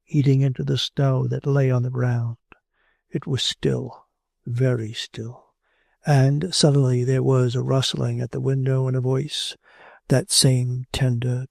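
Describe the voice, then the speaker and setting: Man reading an old novel aloud, steady and measured, gravelly dark voice. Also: mid-range voice, no room sound, clean studio sound. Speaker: audiobook narrator. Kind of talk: audiobook narration of classic fiction.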